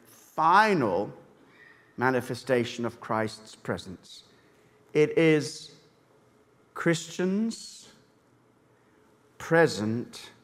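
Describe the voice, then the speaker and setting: A man's voice: medium pitch, long reverb tail. A man with a southern English accent preaching a sermon in a church, earnest, with emphatic rises and frequent restarts. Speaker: pastor.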